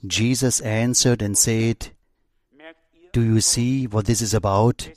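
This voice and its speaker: A man preaching a sermon, reading scripture aloud in a deliberate, measured way. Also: mid-range voice, darkish tone.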